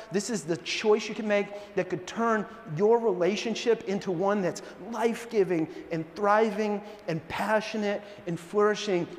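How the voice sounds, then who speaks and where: A man's voice: sits high, darkish tone, slight background noise. A man preaching a sermon, telling a story with lots of acted-out voices and frequent restarts. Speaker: pastor. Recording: long reverb in a large hall.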